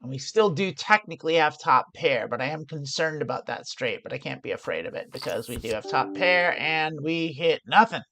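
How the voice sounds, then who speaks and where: Live poker play-and-explain commentary comes from a woman who thinks aloud through each hand and often restarts. Her low, animated voice has a sharp tone and normal speed with few pauses, and no echo.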